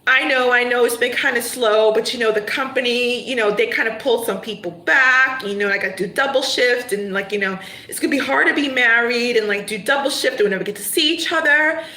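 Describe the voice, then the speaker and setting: A woman putting on a young boyfriend who keeps stalling, talking in loose rambling excuses. The voice sits fairly high and bright, and the room gives it a noticeable echo. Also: a little fast, few pauses. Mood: excuse-making. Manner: rambling, full of excuses and "you know".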